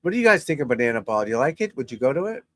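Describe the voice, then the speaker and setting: A man's voice: mid-range voice, very animated, rapid-fire, fairly bright tone, dry recording. A middle-aged man, a golf instructor, chatting casually and bluntly while watching golf on TV, rambling and swearing freely. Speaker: golf instructor and channel host.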